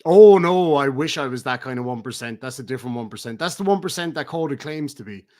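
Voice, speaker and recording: A middle-aged Irish man ranting on a livestream, profane and taunting, swinging between loud outbursts and low mutters. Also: fast talker. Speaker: streamer. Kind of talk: heated livestream rant.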